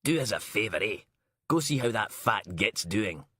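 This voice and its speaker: A man's voice: fairly low pitch, very animated, moderate pace, sharp tone, husky, dry recording, studio quality, full character voice. A male narrator voicing a foul-mouthed, brash female detective inspector, sarcastic and ranting. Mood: coaxing.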